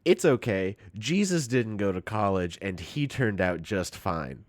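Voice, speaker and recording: A man's voice: fairly low pitch, animated, a little slow, no room sound. Prim devout old grandma, as a man quotes her. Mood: matter-of-fact.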